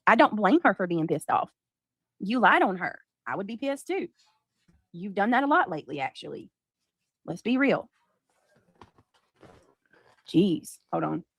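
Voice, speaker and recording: Woman streamer, blunt and sarcastic, dry close mic, mid pitch, ready to argue. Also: very animated, a little slow, vocal fry, long pauses, slightly rough, no echo. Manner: blunt, sarcastic, swears freely. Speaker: livestreamer. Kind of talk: heated livestream argument.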